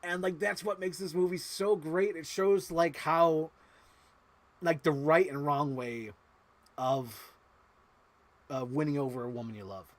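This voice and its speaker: A man casually recapping a movie on a livestream. He talks excitedly, swears freely and gets emotional. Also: fairly high pitch, a little slow, long pauses.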